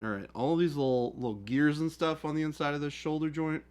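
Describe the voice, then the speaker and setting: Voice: mid-range voice, fairly even intonation, fairly quick, a little mellow. A playful livestream host joking around and thinking aloud while painting miniatures. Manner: playful, jokey, slips into silly voices. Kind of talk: casual livestream banter.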